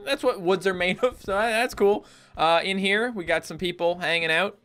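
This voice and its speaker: A man from Newfoundland narrating a game in a jokey, animated way. His voice is bright and clear, and he keeps up a running stream of wisecracks with sudden yelps. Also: high voice, normal speed, faint music behind. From Newfoundland, Canada. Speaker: gaming YouTuber. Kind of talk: let's-play commentary.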